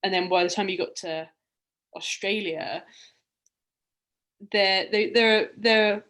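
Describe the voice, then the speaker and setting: A woman's voice: mid-range voice, slow pace, fairly bright tone. A young woman, a guest on a podcast, chatting in a reflective, storytelling way with plenty of ums and restarts. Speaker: guest, round-the-world cyclist. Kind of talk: casual podcast conversation.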